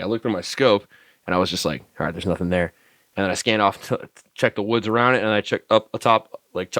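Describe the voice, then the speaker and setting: Brief: male soldier guest, very deep voice, dry close sound, swears freely while acting out dialogue. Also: no room sound. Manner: profane, animated storyteller acting out dialogue. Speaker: podcast guest, army staff sergeant. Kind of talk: casual storytelling.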